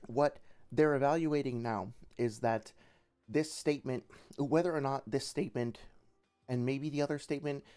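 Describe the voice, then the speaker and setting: A man's voice: medium pitch, moderate pace, a little mellow, faint music behind. A young man giving casual livestream commentary as a debate reviewer, rambling with many fillers and restarts.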